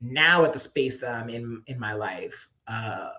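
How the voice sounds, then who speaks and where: A man's voice: mid-range voice, expressive, unhurried, sharp tone. A man, a poet and author, telling stories in a casual interview, laughing often and acting out the voices of the people he quotes.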